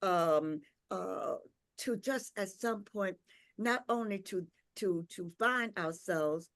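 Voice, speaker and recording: An older woman speaks at a tribute gathering and shares a personal memory in a slow, reflective way. She repeats words, pauses on "um" and "uh", and keeps drawing the audience in with "right?". Her voice sits in a middle register. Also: mid-range voice. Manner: reflective and unhurried, with frequent "um" and "uh". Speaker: invited speaker, professor.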